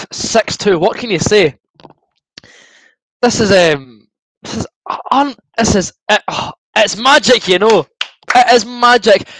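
A Scottish man hosts a live football watchalong stream, cheering and laughing as he chats to viewers. His voice sits high for a man and he talks at an unhurried pace. It comes through a desk microphone in a dry, close sound with no room echo. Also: fairly bright tone. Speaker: livestream host.

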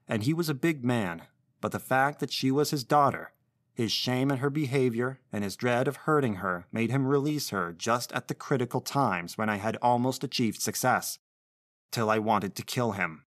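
A man narrating a literary short story in a measured, intense first-person reading. His voice sits at a middle pitch, recorded close and dry with no room sound. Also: a bit bright, no room sound.

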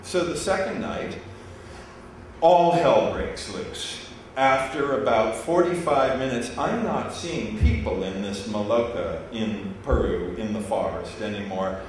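A man telling a story to a live audience, animated and laughing as he goes. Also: fairly low pitch, measured pace. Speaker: speaker. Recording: echoey hall, distant mic, noisy.

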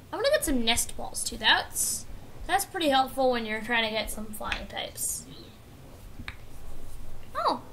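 Very high, bright-voiced young woman gamer. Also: slight background noise. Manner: chatty, swings from mumbling to excited shrieks. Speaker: gaming YouTuber. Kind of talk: Minecraft Pixelmon let's play commentary.

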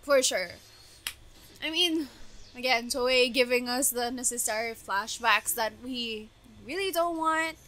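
A young woman with a high voice reacts to anime with gasps, laughs and constant exclamations. She speaks slowly between bursts of excitement. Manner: gasping, laughing exclamations, frequent "oh my gosh".

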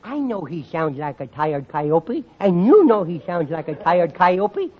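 A man's voice: high-pitched, sing-song, unhurried, exaggerated voice. A cheeky little boy, baby-talking. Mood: mischievous. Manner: lisping baby talk, giggly, bad grammar. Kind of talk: 1940s radio comedy acting. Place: radio studio before live audience. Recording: muffled vintage radio, audience laughter, hiss.

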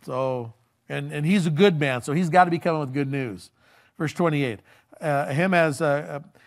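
A man's voice: on the high side, steady tone, a little fast. A male pastor preaching in a casual, conversational way, retelling a story in everyday words with frequent fillers and restarts. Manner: retells the story in everyday speech, acts out the quoted lines.

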